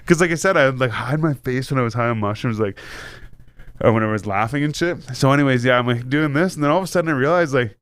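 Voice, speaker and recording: A man hosting a podcast, telling a wild story in a casual, animated way with lots of swearing and laughter. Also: mid-range voice, fast, smooth, no echo. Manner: animated, laughing, swears a lot, acts out voices. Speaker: podcast host.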